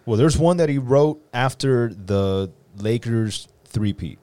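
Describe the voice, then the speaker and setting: A man in casual chat, emphatic and quick to agree with the others. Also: medium pitch, animated, mellow, no echo.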